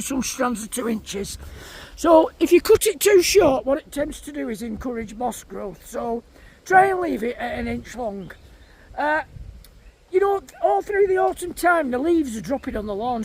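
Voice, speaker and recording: A man, vlogging outdoors in a field, chatting casually to his viewers and his animals. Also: extremely high pitch. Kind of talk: casual vlog chat.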